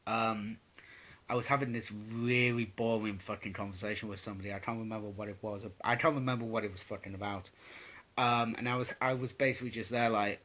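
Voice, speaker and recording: A man's voice: lowish voice, steady tone, brisk, a bit bright. A young man answering viewer questions in a casual vlog, rambling and swearing with lots of "um"s. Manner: rambling, sweary, many fillers.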